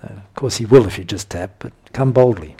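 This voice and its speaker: This man's sermon works through scripture verses emphatically, punctuated by lively bursts and laughter. He speaks a little fast in a lowish register.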